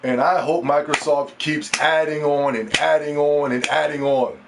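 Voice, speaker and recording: A man hosting a casual gaming podcast, ranting in an animated, profane way and mocking others in put-on voices. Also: fairly high pitch, moderate pace, creaky, background noise. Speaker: podcast host.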